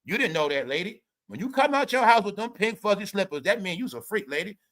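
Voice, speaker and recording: A man's voice: sits high, sing-song, fast talker. A man hosting a casual celebrity gossip rant, swearing, laughing often and talking straight to his viewers. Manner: loud, laughing, swearing, addresses viewers as y'all. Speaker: commentary host.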